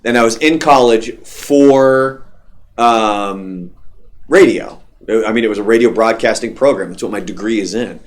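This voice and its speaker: A man's voice: lowish voice, measured pace. A young adult man, a radio host, telling stories in casual, profane chat. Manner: loose, profane storytelling.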